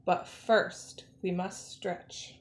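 A woman's voice: fairly low pitch, fairly even intonation, drawn-out words, voice pushed down. Woman voicing a blunt lion teacher. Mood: instructive. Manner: instructive, blunt. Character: bossy male lion teacher, hard to impress. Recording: roomy echo.

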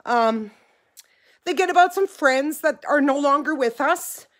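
A woman's voice: high voice, animated, unhurried. A middle-aged woman talking casually to her vlog viewers from her kitchen, rambling and a little teary. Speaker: vlogger, ranch owner. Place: home kitchen.

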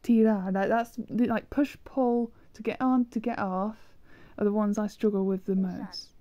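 A gameplay video creator offers casual, rambling commentary while playing a language-learning game, poking fun at herself and often hesitating or trailing off. Her mid-range voice is fairly even and a little slow, and the recording sounds muffled.

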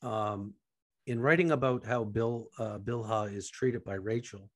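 A man from Canada hosting a podcast interview, asking long, halting questions that trail off quietly. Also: fairly low pitch, no room sound, clean studio sound. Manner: halting, many fillers and restarts, trails off quietly. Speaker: podcast host.

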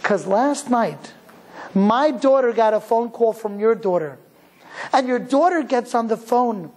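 A man's voice: very high-pitched, animated, measured pace, darkish tone, pitched above the performer's own voice, heavily acted, poor audio. A man voicing a heartbroken, pleading mother. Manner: tearful, emotional, pleading.

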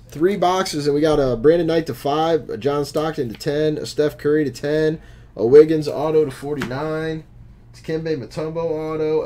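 A man's voice: a little high, warm tone, a little hiss or hum. A man hosting a live stream, opening packs of cards and chatting with viewers as he calls out each card.

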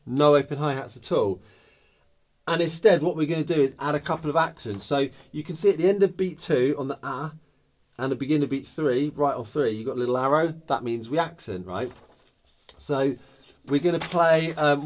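Man counting and beatboxing drum rhythms. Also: fairly high pitch. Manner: patient, step-by-step explaining with frequent restarts. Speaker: drum teacher. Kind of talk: instructional drum lesson.

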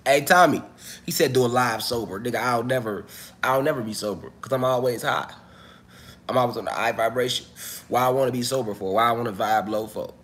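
A male livestream host, still coughing as he gets over an illness, talks loosely and profanely, chatting straight to his viewers. His mid-range voice is a bit bright and runs a little fast.

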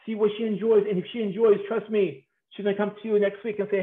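Playful male speaker, high voice, comic delivery; tinny, phone-like, echoey recording. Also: quick pace, few pauses. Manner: animated, playful, acts out voices and laughs often. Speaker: speaker on marriage. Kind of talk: humorous conference talk.

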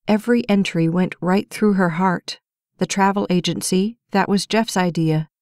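Woman narrating an audiobook, lowish voice, does all the dialogue herself, dry close mic. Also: a little mellow, no room sound. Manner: reads all characters' dialogue in her own voice. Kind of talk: scripted narration.

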